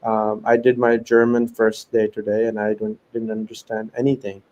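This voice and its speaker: A man's voice: lowish voice, completely flat delivery, moderate pace, darkish tone, dull audio. A man hosting a casual conversation, talking emphatically and repeating phrases for stress. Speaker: host.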